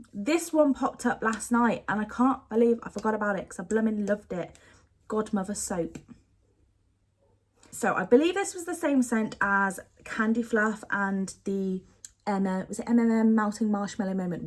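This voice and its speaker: A young woman, chatting casually and gushing to camera about beauty products she misses. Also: on the low side. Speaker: beauty vlogger.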